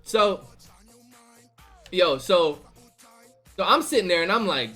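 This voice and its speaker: A man's voice: sits high, lively intonation, measured pace, bright, forceful tone, faint music behind. A man streaming live, telling a tall tale in hyped slang and asking "right?" after every beat. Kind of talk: animated storytelling on a live stream.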